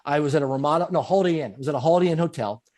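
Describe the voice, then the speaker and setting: A middle-aged man telling stories as an interview guest, animated and repeating phrases for emphasis. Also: on the high side, very fast. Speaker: guest speaker. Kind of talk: storytelling in a conversational interview.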